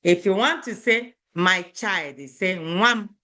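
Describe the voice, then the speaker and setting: A woman's voice: medium pitch, measured pace, sharp tone. A woman teaching a beginner language lesson, repeating each word and checking in with "okay?".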